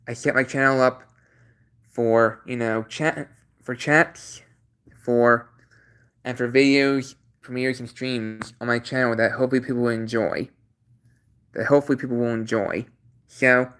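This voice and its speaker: A man hosting his own channel stream, laying out chat rules in a halting, repetitive way with many restarts, earnest and apologetic at times. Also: mid-range voice, a bit bright. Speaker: channel host. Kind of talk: casual livestream talk.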